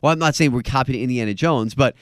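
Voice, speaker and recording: A man's voice: medium pitch, quick pace, no room sound, clean studio sound. A man hosting a podcast in casual chat, joking and stressing his points with emphasis. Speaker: podcast host.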